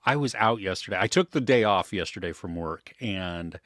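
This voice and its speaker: Lively man hosting a casual podcast. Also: lowish voice, normal speed, dry recording, clean studio sound. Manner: upbeat, greets listeners, laughs often. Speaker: podcast host. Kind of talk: casual chat.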